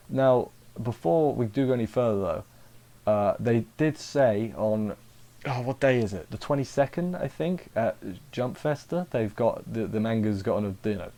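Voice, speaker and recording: A man's voice: medium pitch, dark tone. A young man casually reviewing an anime episode, rambling and chatty, acting out the characters' lines as he goes.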